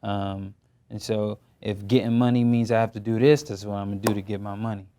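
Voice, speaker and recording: A young man speaks in a low, dark-toned voice. He chats as an actor guest in a studio interview, loose and slangy, dropping plenty of fillers as he goes. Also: brisk, slight background noise. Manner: relaxed, slangy, many fillers. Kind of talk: casual interview.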